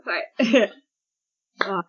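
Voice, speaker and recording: A woman hosting a podcast in casual chat, lively and often laughing, acting out quoted lines in a raised voice. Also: mid-range voice, drawn-out words, husky. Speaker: podcast host. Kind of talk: casual chat recapping a manga chapter. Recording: dull lo-fi podcast audio.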